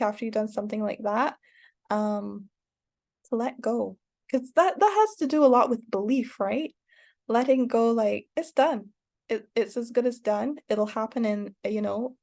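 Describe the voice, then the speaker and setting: A woman talking through an online lesson in a loose, rambling way, full of fillers and restarts. Her voice sits a little high and carries a gravelly fry. Now and then she breaks into excited cheering. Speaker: online course teacher. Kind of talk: casual spoken lesson.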